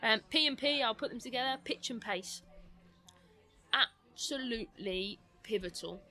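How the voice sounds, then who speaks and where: Fast-talking woman with a London twang. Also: on the high side. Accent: mixed British, London twang. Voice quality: slight lisp. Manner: talks quickly, animated. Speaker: guest coach mentor. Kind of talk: podcast conversation.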